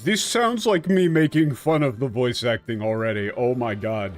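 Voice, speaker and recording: A man streaming a game, giving irreverent, swearing commentary and haltingly translating lines. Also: mid-range voice. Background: game music.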